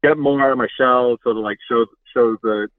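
A man from England calling into a podcast, talking in a soft-spoken, hesitant way with many pauses. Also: medium pitch, fairly even intonation, no room sound. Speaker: caller. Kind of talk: phone-in conversation. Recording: tinny phone line.

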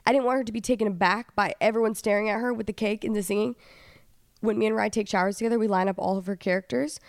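A young woman co-hosting a podcast, chatting casually and telling stories in a fast, animated way. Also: mid-range voice, vocal fry, dry recording, clean studio sound. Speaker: podcast co-host. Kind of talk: casual chat.

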